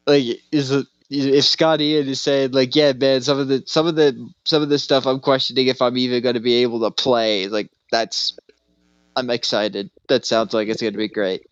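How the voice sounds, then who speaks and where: A man's voice: mid-range voice, level tone, moderate pace, smooth, dry recording. A man co-hosting a podcast, talking in a chatty, enthusiastic way during casual chat. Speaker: podcast co-host. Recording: dull lo-fi sound, dry.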